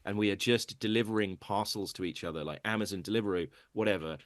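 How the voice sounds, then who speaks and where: Deep-voiced sardonic man, dry sound. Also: quick pace, dry recording. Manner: rambling, sardonic storytelling. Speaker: comedian guest. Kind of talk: comedic podcast banter. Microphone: video call.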